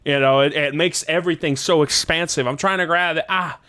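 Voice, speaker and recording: A man on a podcast tells a rambling dream story in a smooth, clear voice. He swears freely, laughs often, and jumps up in pitch whenever he acts out what someone said. The sound is dry and close, with no room echo. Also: steady tone, a little fast, sharp tone. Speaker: podcast host. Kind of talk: casual chat, telling a dream story.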